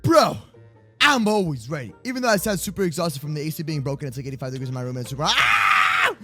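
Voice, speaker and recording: A young man goofing around in a Minecraft role-play from his bedroom, joking and yelling as he plays. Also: fairly high pitch, animated, very fast, over loud music. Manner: hyper, jokey, often yelling. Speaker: gaming YouTuber. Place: home bedroom.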